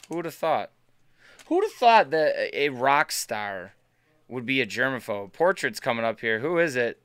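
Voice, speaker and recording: A man's voice: fairly high pitch, sharp tone, clean tone. A man hosting a live card break stream, chatting casually and bantering with viewers as he opens packs. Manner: chatty, upbeat, banters with chat.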